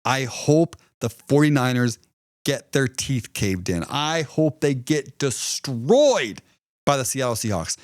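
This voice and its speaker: A man hosting a solo sports podcast, ranting in a heated, sarcastic and profane way, now and then mocking rivals in a whiny high voice. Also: sing-song, slow pace, dry recording, clean studio sound. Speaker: podcast host.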